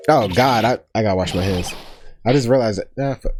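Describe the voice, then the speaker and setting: A man's voice: on the low side, fairly quick, a little mellow, slight background noise. A young man hosting a casual let's-play, rambling with profane joking asides. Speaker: gaming channel host. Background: game music.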